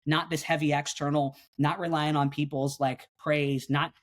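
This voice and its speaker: A middle-aged man, a coach and speaker, explaining his daily habits in a podcast interview, earnest and energetic, acting out his own inner dialogue. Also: on the high side, normal speed.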